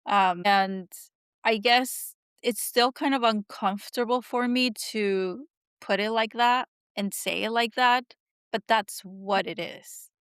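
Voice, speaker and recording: A woman hosting a podcast, talking in a soft, reflective, rambling way with many fillers. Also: fairly high pitch, slow pace, clean tone, no echo, clean studio sound. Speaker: podcast host. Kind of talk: casual heartfelt conversation.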